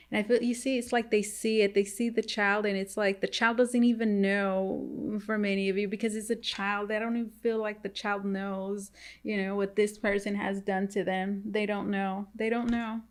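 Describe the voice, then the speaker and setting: A woman giving a casual tarot reading to viewers, halting and repetitive, often turning to address them directly. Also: medium pitch. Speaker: tarot reader.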